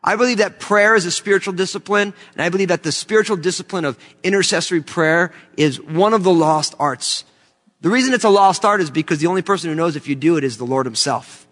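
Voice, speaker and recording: A man's voice: high-pitched, quick pace, fairly bright tone. A man from the United States preaching a sermon, emphatic and fervent, with many rhetorical questions. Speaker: pastor. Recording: long hall reverb.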